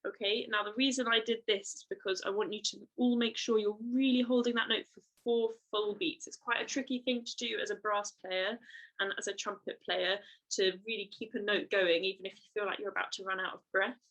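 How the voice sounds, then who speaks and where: A woman's voice: mid-range voice, steady tone, a bit bright, rough recording. Patient woman teaching a music lesson. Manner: encouraging, patient, explains slowly with many fillers. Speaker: trumpet teacher.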